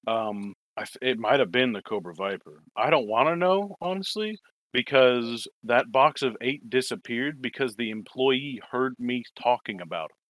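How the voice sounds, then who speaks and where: A man's voice: medium pitch, expressive, moderate pace, a bit bright, no room sound. A man telling a long story in casual chat, swearing and rambling, acting out quoted lines. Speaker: toy collector telling a story.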